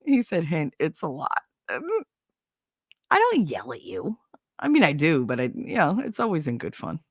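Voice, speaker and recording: A woman's voice: sits low, wildly swooping pitch, moderate pace, breathy edge, dry recording, studio quality. A woman hosting a live stream, chatting casually and profanely with her viewers, acting out quoted lines in exaggerated voices. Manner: profane, wisecracking, acts out quotes in big voices. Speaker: livestream host.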